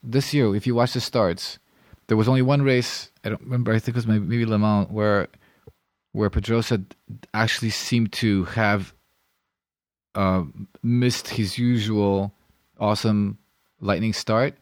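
An American man co-hosting a podcast, chatting about motorbike racing in a relaxed way. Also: fairly low pitch, a little slow, no room sound, clean studio sound. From United States. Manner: relaxed, laughs along easily. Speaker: podcast co-host. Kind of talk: casual motorsport chat.

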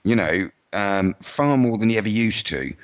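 Here a man with a lowish voice and lively intonation discusses motorbike racing at a moderate pace as a podcast co-host. His chat is rambling, with frequent restarted sentences, and the audio sounds dull.

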